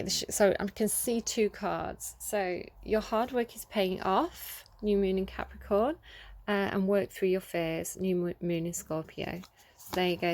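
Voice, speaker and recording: A woman's voice: medium pitch, darkish tone. A woman giving a casual tarot reading into her phone, talking in a chatty, rambling way with plenty of fillers. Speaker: tarot reader.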